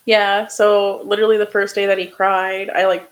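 A woman's voice: mid-range voice, flat delivery, moderate pace, rough recording. A young woman co-hosting a podcast, talking in a rambling casual way with lots of fillers. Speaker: podcast co-host. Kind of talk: casual chat.

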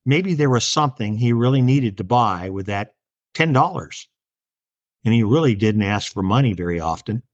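A man's voice: on the low side, expressive, moderate pace, no echo, highs cut off. A man reading a story aloud and then teaching a Bible lesson in an earnest, plain-spoken way.

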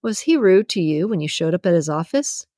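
A woman's voice: lowish voice, animated, a little fast, dark tone, no echo, studio quality. A woman voicing a cocky, nosy male coworker who wisecracks and teases in an audiobook. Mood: teasing. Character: cocky, teasing male employee. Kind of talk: audiobook character reading.

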